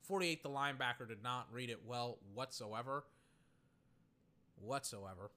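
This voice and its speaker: A young man giving casual live football commentary, swinging from muttered play-by-play to loud, exasperated rants. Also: medium pitch, normal speed. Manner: excitable, ranting, swings between muttered play-by-play and loud outbursts. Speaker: sports commentator.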